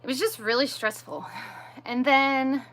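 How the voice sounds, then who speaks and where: Woman livestreamer with a bright, forceful voice; emphatic, repetitive venting. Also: high-pitched, steady tone, a little slow. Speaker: livestream host. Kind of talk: casual livestream chat.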